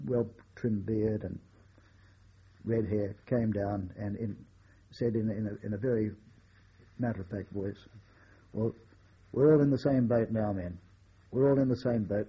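An older man, a war veteran, recalling his memories in a measured oral-history style with occasional wry chuckles. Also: on the low side, husky, highs cut off.

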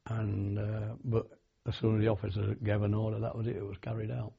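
An older man from Britain recalls his army days in an oral history interview, speaking haltingly with many fillers and restarts. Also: lowish voice, completely flat delivery. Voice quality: gravelly and raspy. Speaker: war veteran interviewee. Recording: dull lo-fi archival tape.

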